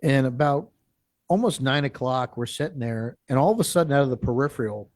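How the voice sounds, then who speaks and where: On a dry recording, a man with a medium pitch speaks a little fast, telling a long field story as a live-interview guest. He animatedly plays out what others said, drifting along and often starting his sentences again.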